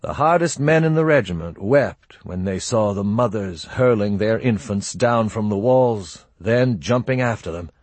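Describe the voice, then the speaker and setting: A man's voice: on the low side, animated, unhurried, hardly any pauses, a little mellow, no room sound. A man voicing a wry, world-weary army colonel in an audiobook, talking in a dry, confiding way. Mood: somber. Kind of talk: audiobook character voice.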